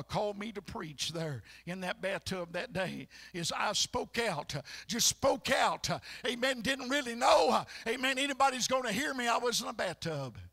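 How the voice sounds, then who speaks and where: A male pastor preaching a fiery sermon in church, breaking into shouts and filling every pause with "uh, amen.". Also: sits high, gravelly. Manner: shouting bursts, constant "uh, amen". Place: church sanctuary.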